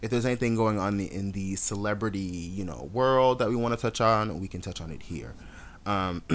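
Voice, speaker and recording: A young adult man co-hosting a podcast, chatting casually with an animated, sassy storytelling style and frequent laughs. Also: fairly low pitch, normal speed, creaky. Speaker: podcast co-host. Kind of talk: casual chat.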